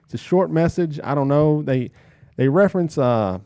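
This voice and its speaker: A man's voice: on the high side, expressive, moderate pace, dark tone, clear, resonant tone, no room sound, studio quality. A man hosting a casual podcast with his brother and a friend, with jokey, upbeat emcee patter. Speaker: podcast host.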